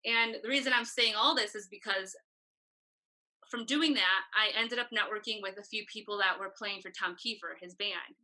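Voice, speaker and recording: Woman podcast guest, bright and forceful tone, chatty storyteller, acts out quoted dialogue. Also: medium pitch, normal speed, low-quality recording. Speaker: guest, tour photographer. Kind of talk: casual interview storytelling.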